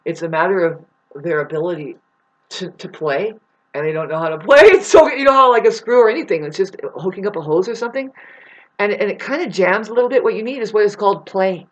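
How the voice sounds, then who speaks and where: A man's voice: sits high, quick pace, highs cut off. A man ranting on his vlog, rambling and swearing heavily, jumping from topic to topic with many restarts. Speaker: vlogger. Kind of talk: rambling profane vlog rant.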